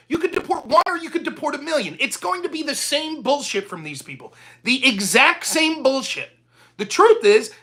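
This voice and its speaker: A male talk show host rants alone into the mic in an angry, confrontational way. He curses freely and keeps turning on his listener. His voice stays bright and sharp the whole way through. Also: very high-pitched. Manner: talks straight at the listener. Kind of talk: solo ranting commentary.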